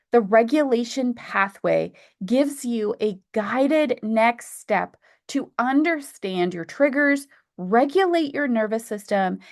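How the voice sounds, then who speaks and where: Woman podcast host, slow measured promo read, slightly high voice.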